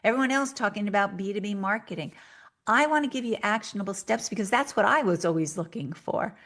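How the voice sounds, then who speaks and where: A woman's voice: medium pitch, fairly bright tone. Woman podcast host giving earnest advice. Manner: earnest, coaching, direct address with quick acted asides. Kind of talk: solo podcast advice talk.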